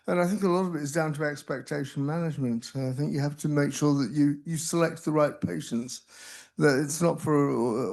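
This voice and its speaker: An older man on a panel telling stories about his treatment, halting and self-deprecating, with many restarts. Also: a little high, a little mellow. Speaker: panelist, researcher with Parkinson's. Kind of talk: casual anecdotal talk. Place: conference hall.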